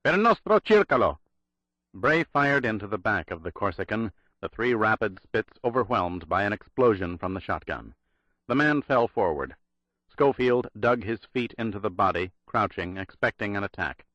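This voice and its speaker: A man narrating a thriller audiobook in a measured, dramatic read. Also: lowish voice, bright, forceful tone, dry recording, muffled recording.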